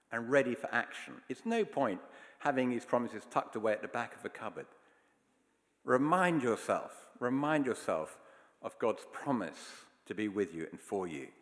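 A man preaching a sermon, telling stories in an earnest, emphatic way. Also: medium pitch. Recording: long hall reverb.

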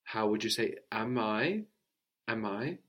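A man teaching French to a student, explaining slowly and repeating phrases for her to copy. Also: on the low side, animated, fairly bright tone. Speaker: language teacher.

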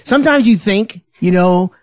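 A man's voice: sits high, lively intonation, moderate pace. A man joking and chuckling as he chimes into a casual chat.

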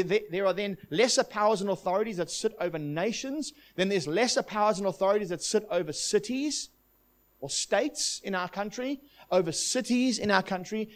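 A man preaching a sermon, telling a testimony in an animated storytelling manner. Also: sits high. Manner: animated storytelling, voices quoted demons.

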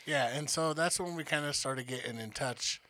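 A man co-hosting a podcast, telling an animated, profane story and acting out what people said. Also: on the high side, normal speed, no echo. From Denver area, USA. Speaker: podcast co-host. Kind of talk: casual storytelling chat.

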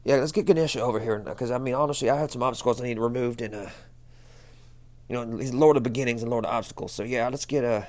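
A man's voice: medium pitch, quick pace, darkish tone. A man co-hosting a comedic podcast, rambling through jokes with lots of fillers and restarts. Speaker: podcast co-host.

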